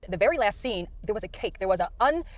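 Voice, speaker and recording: A woman's voice: mid-range voice, expressive, fast. A middle-aged woman from the United States, recording in her car, earnestly telling about her dreams in a rambling way with many fillers. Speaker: Christian speaker sharing dreams. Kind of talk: casual testimony.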